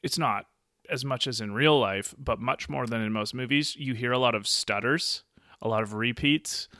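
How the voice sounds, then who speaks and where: A man co-hosting a podcast, talking in an animated way and laughing easily. He has a bright, forceful tone, recorded dry and close. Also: mid-range voice, moderate pace, no room sound. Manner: animated, laughs often, acts out quotes. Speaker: podcast co-host. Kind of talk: casual podcast chat.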